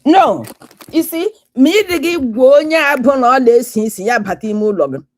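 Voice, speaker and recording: A high-voiced woman with a Nigerian Igbo accent speaks fairly quickly and with animation as a guest in casual talk show chat. She sounds angry, emphatic and lecturing.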